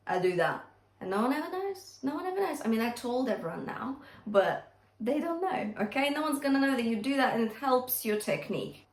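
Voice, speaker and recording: A woman's voice: fairly high pitch, echoey room. A woman vocal coach teaching singing, often checking in with the listener as she explains. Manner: encouraging, checks in with "yeah?" and "okay?". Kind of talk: singing lesson with demonstrations.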